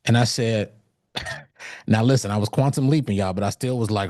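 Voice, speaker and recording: Man, motivational talk, event speaker, personal storytelling, frequent fillers and restarts, mid-pitched voice. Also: moderate pace, long pauses, darkish tone. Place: event stage.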